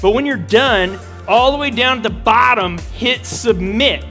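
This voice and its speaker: A man's voice: very high voice, a little slow, sharp tone, soft background music. A young man leading a youth group session, joking and talking animatedly to a live room. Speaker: youth pastor. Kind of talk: energetic audience interaction.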